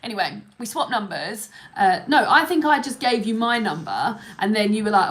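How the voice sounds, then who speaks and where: A woman's voice: medium pitch, lively intonation, fairly quick, few pauses, a bit bright. A young woman telling a story to a live audience in a rambling, chatty way, full of fillers and restarts. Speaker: livestream host.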